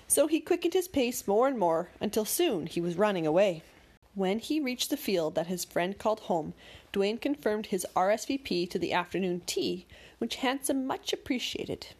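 Woman gently reading a bedtime story. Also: mid-range voice, expressive, normal speed, slightly rough. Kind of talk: scripted bedtime-story narration.

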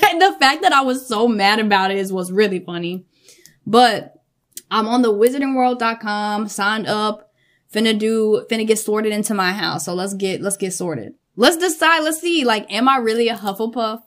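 Casting: chatty woman vlogger, higher-pitched, laughs a lot, loose swearing. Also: moderate pace. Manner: animated, laughs often, swears casually. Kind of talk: casual storytelling chat.

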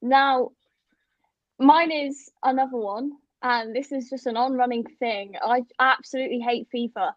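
A woman co-hosting a podcast, giggly and animated as she tells stories in casual chat. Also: sits high, unhurried, no room sound. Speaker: podcast co-host. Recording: dull lo-fi dry recording.

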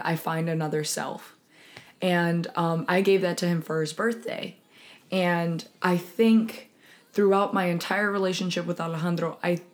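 A woman in her twenties co-hosting a podcast, talking candidly in casual chat and acting out quotes as she tells stories. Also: on the low side. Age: 20s. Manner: candid, animated storytelling with acted-out quotes. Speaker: podcast co-host.

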